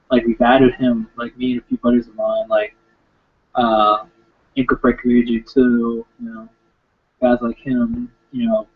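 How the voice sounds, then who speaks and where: A young man rambles through viewer questions in blunt, profane, casual talk. His voice is husky and mid-pitched. The recording sounds dull and lo-fi. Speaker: video host answering viewer questions.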